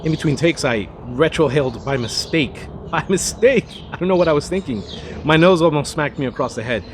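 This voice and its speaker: A man's voice: a little high, a little fast, noisy background. Rambling, chatty male cigar reviewer. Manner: rambling and chatty, with frequent restarts and asides. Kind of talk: casual cigar review monologue.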